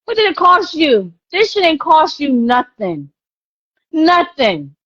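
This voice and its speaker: A woman's voice: sits high, very animated, takes it slowly, a bit bright, no room sound, highs cut off. A woman live-streaming a heated rant, confrontational and profane, hammering her points by repeating them.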